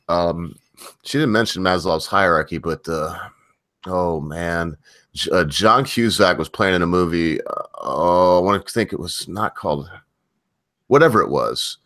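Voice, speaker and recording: A man hosting a casual live stream chat. He has a very low voice and rambles from one tangent to the next. The sound is dry and close. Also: sharp tone, dry recording. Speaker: host.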